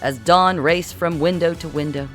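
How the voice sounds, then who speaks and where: An audiobook narrator reading a comic science-fiction story in a brisk, storytelling way. Faint music runs quietly behind the reading. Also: mid-range voice, fairly even intonation. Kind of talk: scripted narration.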